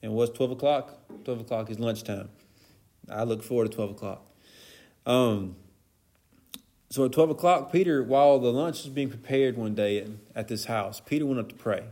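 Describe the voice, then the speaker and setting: A man's voice: mid-range voice, moderate pace, warm tone. A man giving an informal Bible lesson in a casual, conversational way, with plenty of fillers and asides. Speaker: Bible study teacher.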